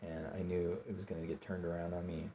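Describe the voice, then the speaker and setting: A man vlogging a personal story, halting and repeating himself as he acts out his own pleas. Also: low-pitched, level tone, dark tone, a little hiss or hum. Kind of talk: personal story told to camera. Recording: dull lo-fi recording.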